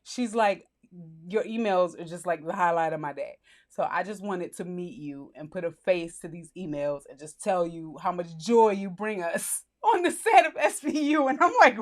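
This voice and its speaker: A young woman telling a story in a casual, animated vlog, blunt and slangy, laughing as she goes and jumping up high when she acts out what people said. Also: normal speed. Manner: animated, acts out quotes in a higher voice.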